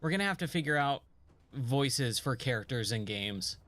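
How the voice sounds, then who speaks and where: A man's voice: mid-range voice, expressive, moderate pace, a bit bright, no room sound. A man streaming a video game, chatting and joking to himself and his viewers as he plays. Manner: chatty, joking, talks to himself while playing. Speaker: gaming streamer. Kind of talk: casual let's-play commentary.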